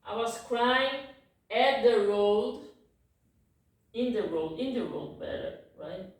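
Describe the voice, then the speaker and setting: A woman's voice: on the high side, slow. A woman whose first language is Portuguese gives a casual language lesson. She repeats words, corrects herself, apologizes and keeps checking in with "ok?". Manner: self-correcting, apologetic asides. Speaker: language teacher. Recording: very echoey room, distant mic.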